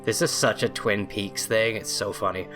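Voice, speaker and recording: A man's voice: lowish voice, fairly even intonation, moderate pace, a bit bright, soft background music. A man hosting a let's play, reading the game text aloud and adding joking, sarcastic asides, often flustered by the menus.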